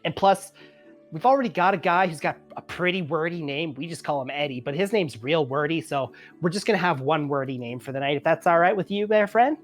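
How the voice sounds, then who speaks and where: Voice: medium pitch, lively intonation, a little fast, faint music behind, natural voice. A game master voicing a chummy male wrestling promoter who talks in salesman patter. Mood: hustling. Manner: chummy salesman patter, calls people friend. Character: folksy male wrestling promoter, fast-talking boss.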